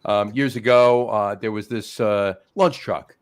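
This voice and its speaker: A man's voice: fairly low pitch, fairly even intonation, unhurried, clear, resonant tone. Rambling New Jersey man hosting. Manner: rambling storyteller, lots of ums and uhs. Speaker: host. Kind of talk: casual chat.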